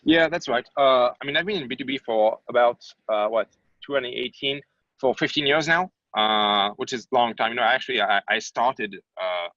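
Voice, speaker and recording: A man's voice: medium pitch, moderate pace, fairly bright tone, dry recording, dull audio. A man, a guest on a webinar, talking casually over a video call from an airport. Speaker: guest speaker.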